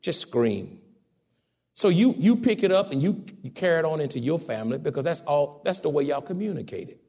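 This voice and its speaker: A man delivers a sermon in a gravelly, slightly higher voice. His pitch swings widely as he moves from fervent, ringing exhortation to quiet, low-spoken asides. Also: animated, brisk. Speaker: preacher.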